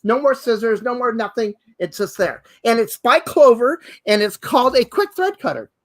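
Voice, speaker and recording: A man's voice: very high-pitched, lively intonation, moderate pace. A man, a costume designer and co-host, showing off sewing tools in an exuberant chat full of exclamations. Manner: exuberant, exclaims and repeats "fabulous" and "hello". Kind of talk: enthusiastic product demo chat.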